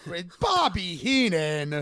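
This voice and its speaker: A man recaps wrestling moments on a podcast in a loose, chatty way. He laughs often and swears casually, with a slightly higher voice. The sound is dry and close. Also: wildly swooping pitch, takes it slowly, a bit bright, no room sound. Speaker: podcast co-host.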